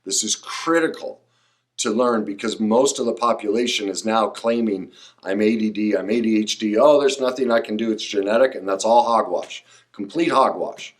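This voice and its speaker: A man's voice: lowish voice, normal speed. A middle-aged man hosting a podcast, talking emphatically and passionately, sometimes sounding preachy. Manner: emphatic, preachy, rising to excited outbursts. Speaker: podcast host. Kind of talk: passionate solo podcast monologue.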